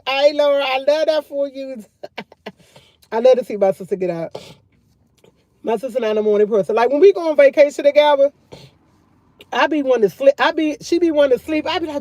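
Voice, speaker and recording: Loud chatty woman on a livestream. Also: high-pitched, fairly quick, long pauses, dry recording. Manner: loud, laughing, chatty storytelling. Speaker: livestream host. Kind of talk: casual livestream chat.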